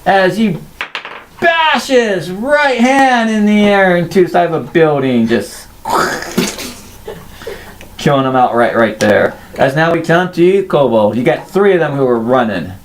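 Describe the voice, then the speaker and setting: A man narrating as dungeon master, describing combat in quick bursts with sudden jumps in pitch. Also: expressive, slight background noise. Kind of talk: narrating a tabletop game.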